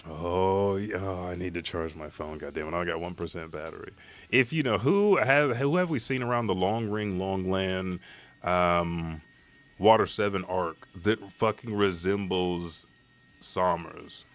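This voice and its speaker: A man hosting a live comic reaction stream, talking in a rambling, profane, excitable way. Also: deep voice, measured pace.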